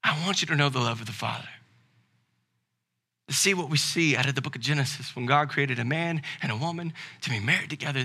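Man, pastor, Southern American accent, sermon, very bright tone, swings from loud emphatic preaching to quiet. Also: mid-range voice, slightly rough.

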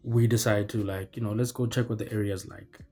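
A man's voice: lowish voice, fairly even intonation, a little fast, mellow, faint music behind. A young man telling a story casually, rambling with lots of fillers and restarts. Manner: rambling, filler-heavy, self-correcting.

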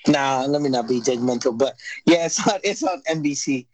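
A man's voice: mid-range voice, expressive, normal speed, darkish tone, low-quality recording. A man in a casual podcast chat, rambling and laid-back as he recaps a TV show, full of slang and restarts.

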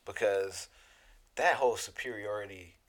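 A man's voice: fairly low pitch, normal speed, fairly bright tone. A man, a therapist, chatting casually in agreement with a colleague and swearing now and then. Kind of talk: casual podcast conversation.

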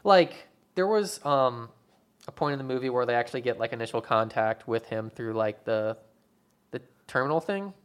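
A man's voice: medium pitch, lively intonation, moderate pace, smooth. A young man chatting casually about movies, rambling and filling his talk with "like" and "um". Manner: rambling, filler-heavy, lots of "like". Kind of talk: casual chat.

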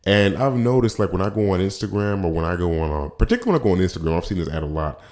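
A man with a very deep voice talks through his own podcast in a relaxed solo monologue. He rambles, restarts his sentences often and drops slangy asides as he goes. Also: rapid-fire. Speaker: podcast host.

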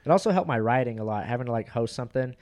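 Young male comic host, casual podcast chatter, rambling and swearing, mid-pitch voice. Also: animated, very fast, darkish tone, highs cut off. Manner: rambling, profane, filler-heavy. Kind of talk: casual chat.

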